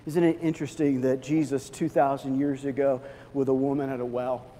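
A man preaching a sermon as pastor, animated and swinging from hushed to loud. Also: mid-range voice, brisk, a little hiss or hum. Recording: long reverb of a large hall.

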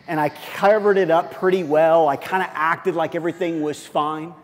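A man's voice: fairly high pitch, normal speed, slight background noise. Storytelling man preaching in a reverberant hall. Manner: storytelling with lively swings into excited quoted speech. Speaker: pastor. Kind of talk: sermon.

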